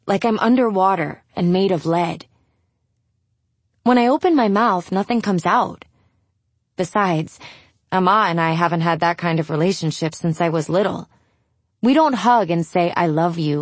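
A woman's voice: on the low side, no echo. Woman reading a novel in first person, wry and blunt, kinda exasperated, super dry booth sound. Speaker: audiobook narrator.

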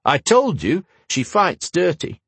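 A man's voice: fairly high pitch, wildly swooping pitch, slow, a bit bright, slightly rough, dry recording, voice pushed up, exaggerated voice. A man voicing a teasing young man in a storybook reading, wry and joking.

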